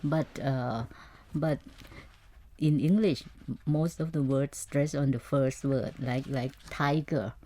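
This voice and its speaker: Low-voiced Thai-accented woman co-host. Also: takes it slowly. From Thailand. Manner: attentive, with frequent soft backchannel murmurs. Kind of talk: casual educational chat.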